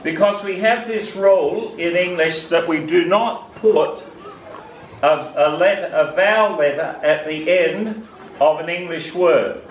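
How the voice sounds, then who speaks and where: A man's voice: fairly high pitch, muffled recording. A man teaching phonics to a student, patiently explaining vowel sounds and asking questions. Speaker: reading teacher. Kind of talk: classroom phonics lesson. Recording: echoey room, from a distance, faint hiss.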